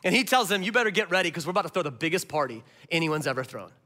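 Pastor, male, sermon. Bright, lively delivery, long hall reverb. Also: fairly high pitch, rapid-fire. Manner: animated storytelling, rising to impassioned then dropping soft.

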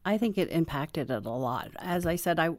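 A woman guest on a radio interview, earnestly and softly reflecting on her marriage. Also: deep voice, expressive, normal speed, no echo. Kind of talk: personal testimony.

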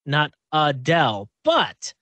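A man's voice: fairly high pitch, wildly swooping pitch, takes it slowly, a bit bright, dry recording. A man co-hosting a podcast in casual chat, often laughing and stumbling over his words. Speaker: radio podcast co-host.

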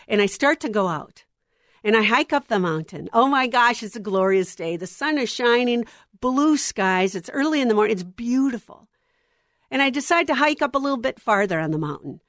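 A middle-aged woman giving a sermon to women, telling a personal story with lively acted-out dialogue. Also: fairly high pitch, no echo, clean studio sound. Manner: animated storyteller, acts out dialogue. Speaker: women's ministry speaker.

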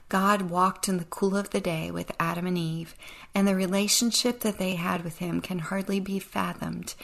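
A woman's voice: on the low side, creaky. A woman hosting a devotional podcast, speaking in an earnest, reflective way that sometimes sinks to a near whisper. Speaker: podcast host.

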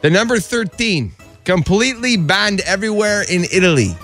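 Lively, playful male radio host. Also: sits high, faint music behind. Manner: playful, joking, quick to laugh. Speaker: radio morning show host. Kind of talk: casual morning radio banter. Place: radio studio. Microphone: studio microphone.

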